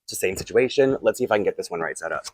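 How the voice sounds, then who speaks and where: A man's voice: sits low, lively intonation, rapid-fire, a little mellow, no echo. A tired, groggy man, chatting casually and rambling with asides while unboxing toys for his vlog. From Canada. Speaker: toy collector vlogger.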